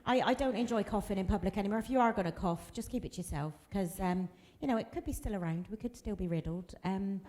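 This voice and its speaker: A woman in her 40s from Plymouth, England, does a bawdy stand-up set in a comedy club room, chatting with and quizzing the crowd while laughing at her own jokes. Her medium-pitched voice is a little mellow, and she talks at a quick pace with few pauses.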